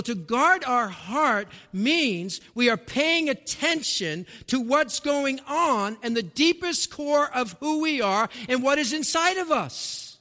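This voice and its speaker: A man preaching a sermon, emphatic, with rhetorical questions, rising to shouts and dropping to a hush, in a church sanctuary. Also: high-pitched. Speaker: pastor. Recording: long reverb of a large hall.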